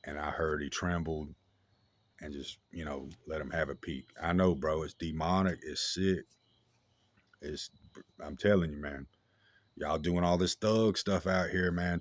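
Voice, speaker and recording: A man with a very deep voice talks straight into a dry, close microphone. His story comes out casual and slangy, full of restarts and fillers. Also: steady tone, moderate pace, no echo.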